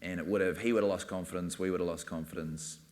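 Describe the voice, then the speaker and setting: A man's voice: low-pitched, steady tone, fast talker, darkish tone, a little hiss or hum. A man speaking as a film director on a panel, rambling casually with many fillers. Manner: rambling, full of "you know" and "like".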